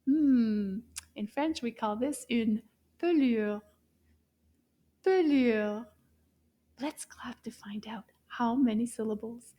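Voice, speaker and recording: High, slow-speaking woman teaching children. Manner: bright, exaggerated teacher voice, carefully spelled-out words. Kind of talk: children's language lesson.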